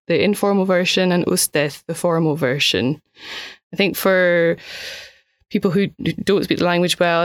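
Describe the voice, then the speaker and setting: A woman co-hosting a language podcast as the learner, asking questions and slowly repeating phrases after her teacher. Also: on the low side, no room sound, studio quality. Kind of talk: scripted language lesson chat.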